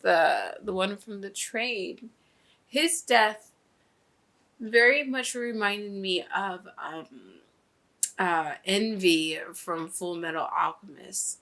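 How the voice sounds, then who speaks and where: Woman, reaction host, bright voice, unhurried, emotional, trails off and restarts. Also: medium pitch. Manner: emotional, breaks off mid-sentence, nervous laughs. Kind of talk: casual reaction commentary.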